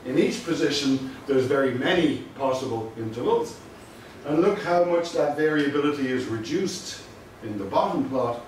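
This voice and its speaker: A man's voice: medium pitch, expressive, normal speed, slight background noise. A man giving a university lecture, explaining patiently with the odd dry aside. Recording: very echoey room, mic far off.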